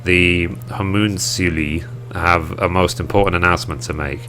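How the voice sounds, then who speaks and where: A man's voice: deep voice, steady tone, normal speed, bright, forceful tone, a little hiss or hum. A man reading the lines of the theatrical leader of a travelling music troupe from a game, in dramatic, poetic speech.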